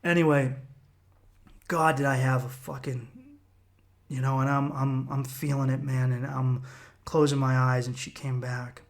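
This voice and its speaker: A man's voice: mid-range voice, little pitch movement, measured pace, long pauses. A man in his thirties hosting a solo podcast, telling a personal story in an intense, profane way and acting out his own inner voices. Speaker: podcast host.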